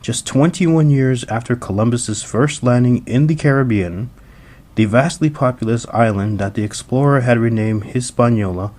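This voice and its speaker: A man reading scripted documentary narration in a grave, measured way. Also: mid-range voice, a little mellow. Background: music.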